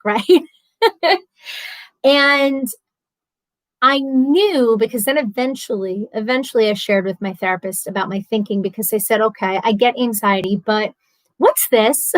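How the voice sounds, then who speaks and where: A woman in her thirties talking openly on a live stream, candid and animated, answering viewer comments. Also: on the high side, no echo, rough recording. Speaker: vlogger.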